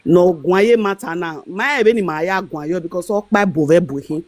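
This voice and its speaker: A woman's voice: lowish voice, moderate pace, darkish tone, no echo. A woman with a Nigerian accent hosting a casual live stream, talking in a rambling, emphatic way with many fillers.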